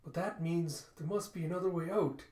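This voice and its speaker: A man voicing a timid, curious young fox girl in a soft, higher voice, in a comic read-through with roomy echo. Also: a little fast, natural voice. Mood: worried.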